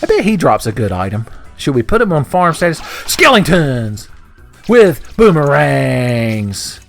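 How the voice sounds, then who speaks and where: Lively male game commentator, crude jokes, faint game music behind. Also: on the high side, fast talker. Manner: joking, swearing, laughs often, mock voices. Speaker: let's play commentator. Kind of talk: casual gameplay commentary.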